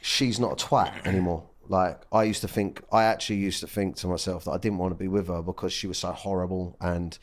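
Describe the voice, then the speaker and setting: Podcast guest: man, 30s, low voice, raw and candid, curses a lot. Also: steady tone, a little fast, hardly any pauses. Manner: blunt and emotional, swears freely. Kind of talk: candid casual chat.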